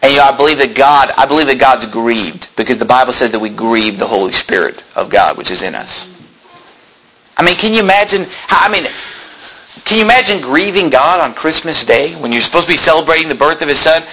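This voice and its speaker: A middle-aged man preaching a sermon, reading scripture aloud and swinging between loud emphatic peaks and low asides. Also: a little fast, slight background noise, rough recording. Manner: reads scripture aloud in King James wording. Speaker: pastor.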